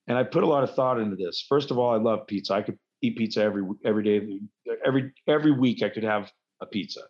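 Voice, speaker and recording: Talking quickly in a lowish, somewhat dark voice, a man who wrestles rambles through stories at his own expense during a relaxed interview. The recording sounds dull and lo-fi.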